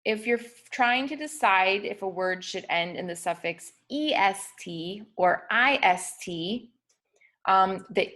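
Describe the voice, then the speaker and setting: Here a young woman explains spelling rules slowly but animatedly, her mid-range voice fairly bright. She stays patient and methodical, with plenty of ums and little self-corrections along the way.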